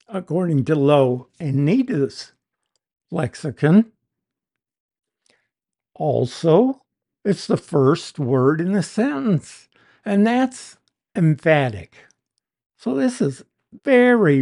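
A preacher giving an expository Bible teaching sermon, deliberate and emphatic, leaning hard on key words. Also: mid-range voice, dark tone.

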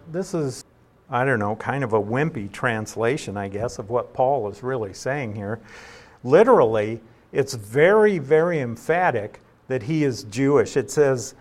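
A pastor teaching through a Bible passage verse by verse in a conversational way, reading the scripture aloud and explaining it. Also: male voice, medium pitch.

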